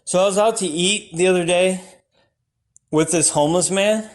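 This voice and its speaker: Man, stand-up comedian, deadpan and rambling, high voice, sudden shouts. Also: normal speed. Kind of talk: absurdist stand-up bits.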